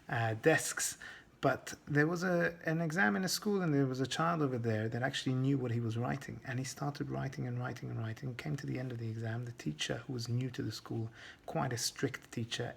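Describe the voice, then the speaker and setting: A man's voice: medium pitch, creaky. A middle-aged male rabbi giving a short inspirational talk, telling a story and weaving in Hebrew terms.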